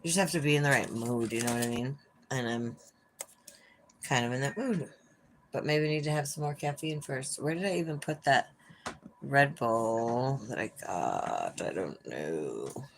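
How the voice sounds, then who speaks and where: A woman's voice: very deep voice, expressive, unhurried, slight background noise. A woman from Minnesota with a Minnesotan accent, chatting casually and sarcastically with viewers on a home livestream. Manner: chatty, sarcastic, frank with swearing. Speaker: livestream host. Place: at home by an open window.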